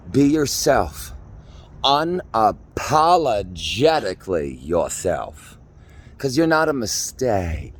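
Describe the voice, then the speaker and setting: A man in his forties from Minnesota, doing a theatrical, rambling improvised comedy monologue while walking outdoors on city streets. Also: on the low side. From Minnesota, USA. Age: 40s. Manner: theatrical, campy, rambling jokes. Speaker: vlogger.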